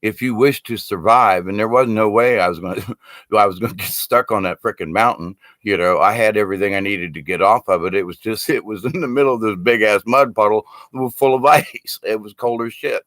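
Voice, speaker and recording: Older man, lowish voice, dry close sound, rambling storyteller who laughs and swears. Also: brisk, a bit bright, no room sound. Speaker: speaker on shamanism. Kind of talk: casual storytelling talk.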